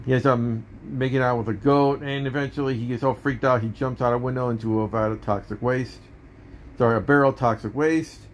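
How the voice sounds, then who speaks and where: A man's voice: mid-range voice, a little hiss or hum. Rambling male movie reviewer. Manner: rambling, self-correcting, with many fillers.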